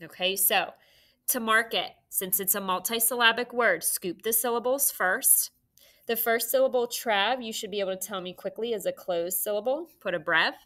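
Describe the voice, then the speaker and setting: A woman teaching a phonics lesson to young children, giving slow, clear, encouraging instructions. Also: mid-range voice, bright, forceful tone.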